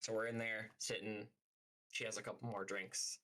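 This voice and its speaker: On a live stream, a young man tells a story casually in a lowish, sharp-toned voice with flat delivery at normal speed. He rambles, swears often and says "like" constantly, and the audio is poor.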